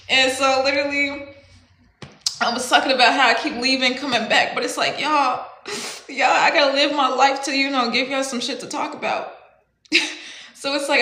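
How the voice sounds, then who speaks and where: A woman's voice: high voice, pushed and bright, echoey room. A young woman chatting on a livestream, rambling and swearing, with frequent laughs. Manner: rambling, profane, slangy, laughs often. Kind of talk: casual livestream chat.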